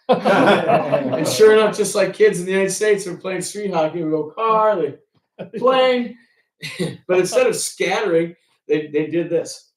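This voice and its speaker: A man who works as a ferry pilot tells animated stories to an audience and acts out the conversations he quotes. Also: sits high, unhurried. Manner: animated anecdotes, acting out quoted exchanges. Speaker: ferry pilot and author giving a talk. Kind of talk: storytelling talk to an audience. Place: room with an audience. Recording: echoey room, from a distance.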